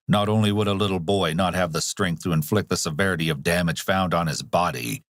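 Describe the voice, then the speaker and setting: A man giving measured, scripted narration of a true-crime case. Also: low-pitched, no room sound, clean studio sound.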